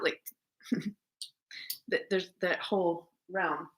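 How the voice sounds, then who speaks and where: Brief: lowish, bright-toned woman, dog trainer, loose, profane, think-aloud chat. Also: steady tone, slow, pauses often. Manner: rambling, swears freely, laughs often. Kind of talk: casual thinking-aloud monologue.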